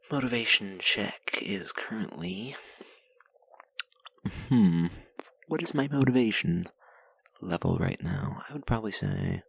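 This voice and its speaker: Crude, rambling male podcast host, deep and husky, close and dry. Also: no echo. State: recovering from a sinus infection. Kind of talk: casual solo podcast monologue.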